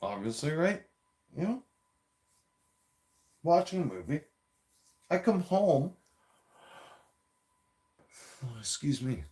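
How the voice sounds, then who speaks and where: A man's voice: fairly high pitch, very animated, a little slow, a little mellow. A man telling a story in a heated, profane, rambling rant with frequent restarts, a few beers in. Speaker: vlogger.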